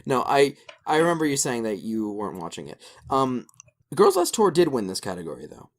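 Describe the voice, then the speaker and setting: A man's voice: mid-range voice, fairly quick. A man co-hosting a casual podcast, swearing freely and joking around as he runs through a list. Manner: animated, swears casually, salty jokes. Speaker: podcast co-host.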